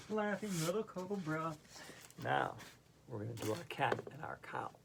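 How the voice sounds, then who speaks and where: A yoga instructor with a low voice and vocal fry leads a playful routine, giggling often between her cues, with background noise present.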